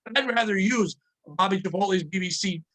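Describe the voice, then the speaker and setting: A man hosting a casual podcast, ranting and swearing in an animated, comedic way. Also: high voice, a little fast. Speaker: podcast host.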